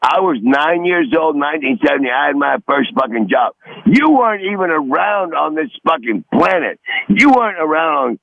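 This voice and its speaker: A man's voice: fairly high pitch, big pitch swings, normal speed, gravelly, dry recording, narrow, tinny audio. A man in his sixties, a regular comedic guest, ranting in a combative, profane, rambling way on a podcast call. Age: 60s. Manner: foul-mouthed, combative, rambling. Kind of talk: profane rant on a phone-in podcast.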